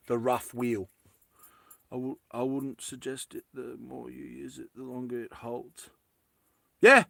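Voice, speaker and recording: A man's voice: medium pitch, sharp tone, no room sound. A man chatting casually through a lighter repair, rambling into jokey tangents and correcting himself as he goes. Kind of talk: casual how-to chat.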